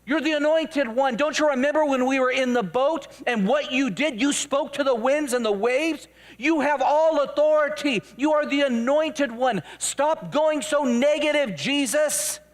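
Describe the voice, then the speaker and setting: Man voicing fretful male disciple, high and loud, whiny rapid pleading. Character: eager adult male disciple, fretting over popularity.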